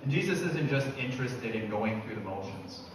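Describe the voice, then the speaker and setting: A man preaching a sermon as pastor, emphatic, building to loud repeated declarations. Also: mid-range voice, expressive, a little fast, noisy background. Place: church sanctuary. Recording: echoey church from a distance.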